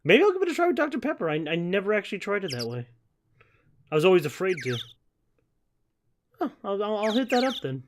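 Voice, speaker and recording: A man's voice: sits high, very animated, quick pace, long pauses, noisy background. A man streaming a game and chatting casually with viewers, rambling and often repeating words. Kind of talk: casual let's-play chat. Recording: game music behind.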